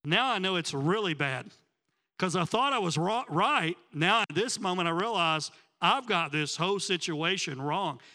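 In a big-sounding room, a man preaching as a pastor animatedly tells a story and performs the voices of the people in it. His voice sits high and he speaks at a normal pace.

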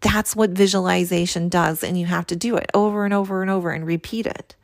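Gravelly-voiced woman giving motivational talk. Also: on the low side, steady tone, brisk, no room sound. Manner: earnest, direct, coaching tone with repeated emphasis. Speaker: podcast host and spiritual coach. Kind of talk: motivational solo podcast talk.

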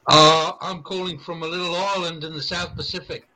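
A man with a New Zealand accent, calling in as a quiz contestant in a relaxed, friendly way. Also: on the high side, a little fast, crowd noise, rough recording. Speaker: caller contestant.

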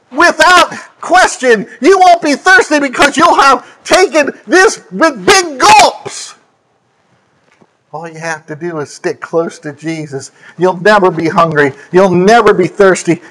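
A high-voiced man delivers a sermon. He leans hard on single words and sweeps from loud, high lines down to hushed low ones, stopping now and then to fix a verse number. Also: poor audio. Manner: emphatic, swooping between high and low; scripture quotes and self-corrections. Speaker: preacher.

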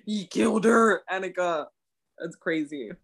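A woman's voice: on the low side, measured pace, breathy edge. A young woman co-hosting a casual chat, talking animatedly about a drama episode and laughing between her thoughts. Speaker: co-host.

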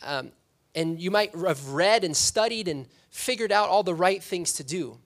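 Chatty young man preaching, fairly high voice. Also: lively intonation, measured pace, fairly bright tone. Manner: chatty, self-deprecating, frequent "right?" asides. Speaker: pastor. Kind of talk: casual conversational sermon. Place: church sanctuary.

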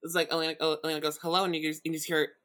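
A woman's voice: low-pitched, completely flat delivery, racing, fairly bright tone. A woman co-hosting a casual TV recap chat, laid-back with chuckling asides. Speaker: podcast co-host.

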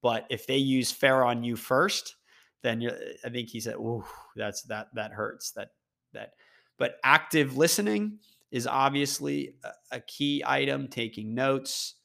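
A man with a gravelly, mid-pitched voice hosts a solo podcast. He talks casually and loosely, often restarting his sentences and repeating words as he goes. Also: unhurried, a bit bright. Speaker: podcast host.

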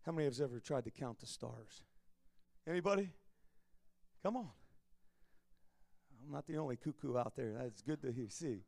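A man preaching a revival sermon as a visiting evangelist, animated, with frequent "uh" fillers, swinging from quiet storytelling to shouting. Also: medium pitch, moderate pace, vocal fry, pauses often, no room sound. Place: church service.

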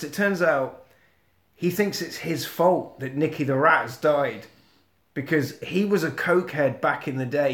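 A man with a slightly high voice tells a film plot to his co-host, blunt and full of swearing. The sound is roomy and echoing. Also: a bit bright. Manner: swears freely, blunt storytelling. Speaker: podcast co-host. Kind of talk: casual film recap. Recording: roomy echo.

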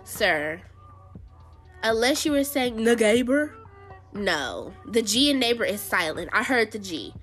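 A woman's voice: mid-range voice, very animated, measured pace, a bit bright, faint music behind. A woman hosting a show, giving casual pop-culture commentary in a blunt, sassy way and talking straight to her viewers. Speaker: show host.

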